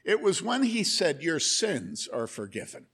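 A man's voice: a little high, very animated, unhurried, fairly bright tone, breathy edge. A man preaching a sermon, telling a story with lots of energy and asking the congregation questions. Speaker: pastor.

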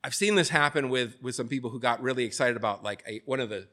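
Quick, bright and forceful, a medium-pitched male preacher gives an informal, conversational sermon. He uses lots of fillers and restarts, and every so often he voices the people he quotes.

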